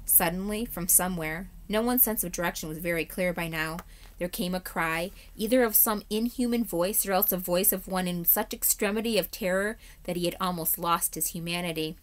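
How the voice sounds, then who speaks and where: A woman, a third-grade teacher, reading a chapter book aloud in a steady, measured way. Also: lowish voice, a little hiss or hum.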